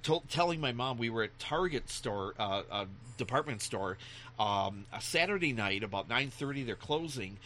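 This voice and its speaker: A man chatting casually, telling animated stories and acting out the voices of people in them. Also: medium pitch, normal speed, slight background noise. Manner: animated storyteller who acts out voices, laughing often. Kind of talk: casual chat.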